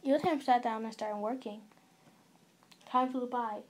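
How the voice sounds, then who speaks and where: A woman's voice: a little high, measured pace. A young woman casually narrating a second-person fan-fiction story, with a few slips. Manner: casual, informal reading with small slips.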